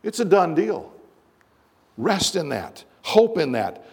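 A man's voice: a little high, big pitch swings, slow pace, breathy edge, in a large hall. A man preaching a sermon as pastor, emphatic and full of rhetorical questions. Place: church sanctuary.

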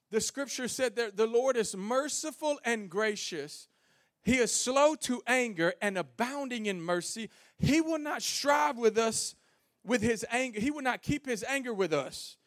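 A male pastor preaching a sermon to a congregation in a church, swinging from soft pleading to shouted, sing-song preaching, folksy and calling out to the room. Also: very high voice, no room sound, clean studio sound. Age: young adult. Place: church sanctuary before a congregation.

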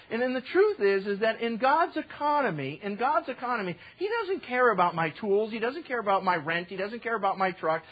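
Husky-voiced pastor telling a story. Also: male voice, high voice, lo-fi sound. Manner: animated storytelling, acting out dialogue. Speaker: guest pastor. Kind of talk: sermon.

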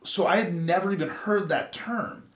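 A man's voice: high-pitched, moderate pace. A man in his thirties from Los Angeles, chatting casually as a podcast co-host and telling stories in a rambling, profane way. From Los Angeles, USA. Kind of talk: casual chat. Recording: roomy echo.

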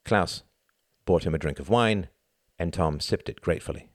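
A man narrating a novel as an audiobook in a measured, expressive storytelling manner. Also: low voice, no room sound, clean studio sound.

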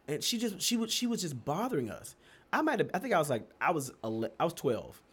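A young man from Texas telling stories in a casual chat, animated and laughing often, his pitch leaping up for emphasis. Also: fast talker, husky. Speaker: podcast co-host.

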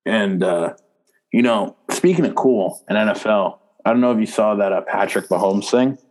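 A young man chats about sports in a relaxed podcast. His voice sits on the low side. He is jokey and slangy and laughs often. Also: normal speed. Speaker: podcast co-host. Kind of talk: casual sports chat.

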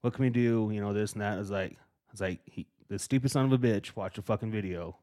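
A man's voice: lowish voice, quick pace. A middle-aged man co-hosting a podcast, telling a story in casual chat with lots of swearing and acted-out quotes. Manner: profane, animated storytelling, acting out quotes. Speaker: podcast co-host.

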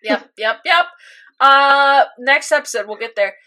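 Young woman, animated recap, bright voice, slightly high. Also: measured pace. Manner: animated storytelling, acts out reactions. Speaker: podcast co-host recapping an anime. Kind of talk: casual chat.

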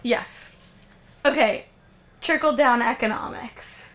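A woman co-hosting a podcast in casual chat, telling animated stories with frequent swearing and laughter. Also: fairly high pitch, slow pace. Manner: animated storyteller, swears freely, laughs often. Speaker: podcast co-host.

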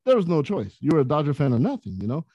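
A man, a podcast guest, telling stories in a casual, animated way, often laughing as he talks. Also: fairly high pitch, quick pace, breathy edge, muffled recording. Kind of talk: casual storytelling.

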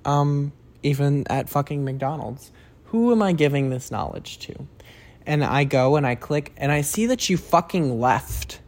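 A man's voice: on the high side, animated, measured pace, a little mellow. Rambling young man on a solo podcast. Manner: rambling, self-deprecating, frequent cursing and stammered restarts. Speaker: podcast host.

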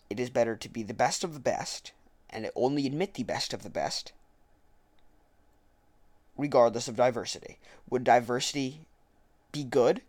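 A man with a medium-pitched voice, recorded dry, reads a political speech aloud and comments as he goes. He's argumentative, working point by point and fixing his own slips.

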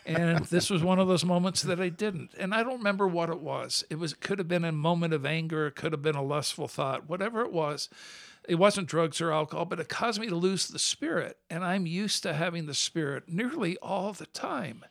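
A man speaking as a podcast guest, his voice sitting fairly high and carrying a gravelly rasp. He tells his story in an earnest, heartfelt way, recorded close and dry with no room sound. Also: fairly quick, no echo.

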